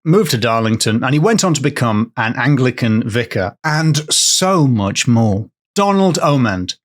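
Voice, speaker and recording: A man's voice: medium pitch, big pitch swings, unhurried. A man hosting a podcast, telling a story in casual comedic chat, playful and full of puns.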